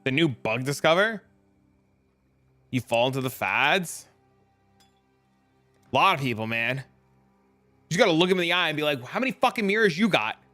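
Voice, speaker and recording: A man's voice: medium pitch, animated, normal speed, long pauses, pushed and bright, soft background music. A man streaming a game, chatting casually in a laid-back, profane, rambling way full of fillers. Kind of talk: casual live-stream chat.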